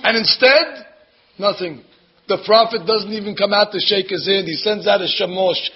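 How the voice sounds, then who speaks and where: A man teaches a Bible lesson as an animated storyteller who acts out every character. His voice sits high, and the recording is dull and lo-fi. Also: moderate pace. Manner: lively storyteller acting out the characters. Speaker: religious teacher.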